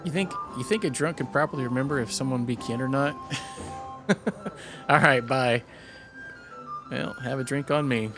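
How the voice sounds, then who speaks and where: A man's voice: medium pitch, normal speed, pauses often, over music, natural voice. A man voicing a rambling, drunken male villager who talks in folksy rustic speech while reading game dialogue aloud. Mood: grumbling.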